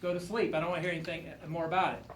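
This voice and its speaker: A man's voice: fairly high pitch, flat delivery, very fast, a bit bright, slight background noise, natural voice. A man voicing a tired young Marine father who impatiently refuses his son's requests, in an echoey room. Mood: stern. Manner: gruff, impatient.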